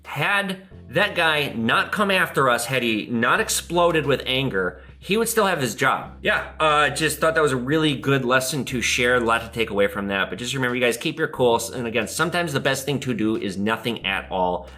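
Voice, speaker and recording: A man who hosts a pawn shop show, telling a story casually to camera in an animated way and acting out the people he quotes. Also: normal speed, hardly any pauses, soft background music. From Minnesota. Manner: animated, acts out quoted people with big jumps in pitch. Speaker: pawn shop owner and host.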